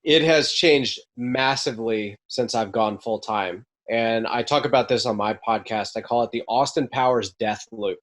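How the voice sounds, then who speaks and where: A man's voice: mid-range voice, moderate pace, hardly any pauses, a bit bright. A young man as a podcast guest, chatting casually and candidly, often restarting his sentences as he tells stories. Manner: candid, storytelling, frequent restarts. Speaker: podcast guest, mobile home park investor. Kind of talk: casual interview chat.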